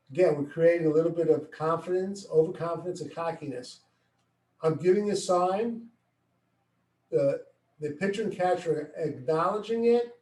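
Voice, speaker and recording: A middle-aged man explains a baseball play step by step, acting out what he calls to his players. His voice sits slightly high. He stands away from the mic, and the room echoes around him. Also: far from the mic. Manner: explains plays step by step, acts out yelling at players. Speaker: baseball coach. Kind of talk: coaching instruction.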